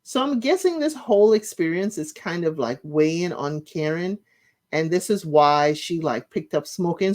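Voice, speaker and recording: A woman with a medium-pitched, darkish voice hosts her own channel, casually recapping reality show episodes and retelling the scenes in her own words.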